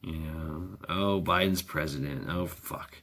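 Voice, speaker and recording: A man's voice: a bass voice, steady tone, fairly bright tone, pitched below the performer's own voice, exaggerated voice. A man mimicking a mopey whining defeatist. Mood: mocking whine. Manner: mocking, drawn-out sighs.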